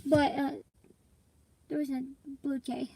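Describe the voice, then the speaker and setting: A woman's voice: high-pitched, flat delivery, takes it slowly, gravelly, warm tone, no echo, rough recording. A young woman vlogging in casual, rambling chat to her viewers, coughing and congested from allergies. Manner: rambling, chatty, addresses viewers as y'all.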